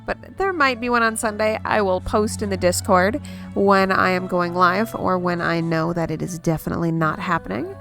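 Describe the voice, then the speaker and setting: A woman's voice: lowish voice, normal speed, a bit bright. A woman streaming a video game, chatting casually and playfully musing aloud as she plays. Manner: playful, musing aloud, repeating words to test them. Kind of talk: casual livestream chat over gameplay. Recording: game music under the voice. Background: game music.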